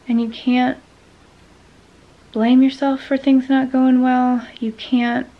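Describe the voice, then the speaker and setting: Woman vlogger, frustrated venting, gravelly fry, flat delivery, slightly dull audio. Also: fairly high pitch. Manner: frustrated, venting, many ums. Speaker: vlogger sharing a medical experience. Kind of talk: casual talking-to-camera vlog.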